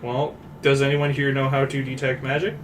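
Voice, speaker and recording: A man's voice: mid-range voice, flat delivery, normal speed, noisy background. A man chatting casually as a player at a tabletop game.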